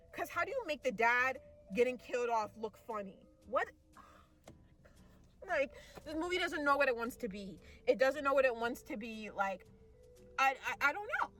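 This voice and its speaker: A woman's voice: fairly high pitch, a bit bright. A young woman ranting casually about a movie, exasperated and rambling, full of fillers and restarts, sometimes mocking characters in exaggerated voices. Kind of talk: casual rant.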